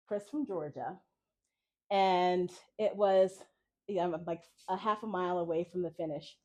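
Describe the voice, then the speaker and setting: At a cafe event, a woman tells a personal story live to an audience. Her voice is medium in pitch, and she is expressive, often laughing as she speaks.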